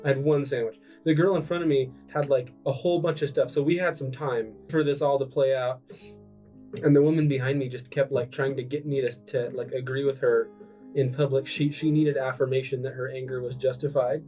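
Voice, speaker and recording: A young man in casual comedic podcast chat, rambling with restarts and acting out quoted people in high voices. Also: steady tone, fairly quick, mellow, far from the mic, faint music behind. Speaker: podcast co-host.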